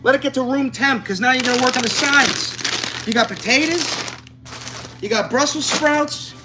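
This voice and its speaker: The audio is very noisy, and the man's voice is very high-pitched at a normal speed. He's a home cook vlogger cooking in his kitchen and talking casually to camera, joking brashly and swearing freely over music.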